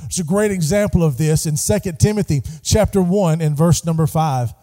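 This middle-aged male pastor has a fairly high, warm voice and speaks at normal speed. Preaching in a church sanctuary, where the long hall reverb rings out, he calls on the congregation to echo his words.

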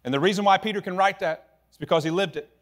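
A male preacher with a drawl, his voice sitting a touch higher than most men's. He delivers a sermon in a church as animated, conversational storytelling, often dropping to near quiet for effect. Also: quick pace. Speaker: pastor.

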